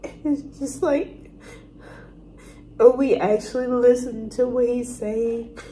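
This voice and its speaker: A woman talking to her viewers in a casual reaction vlog, crying and halting, restarting her sentences as she speaks from the heart. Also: a little high, fairly even intonation, mellow, slight background noise, poor audio. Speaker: reaction vlogger. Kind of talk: emotional casual monologue to viewers.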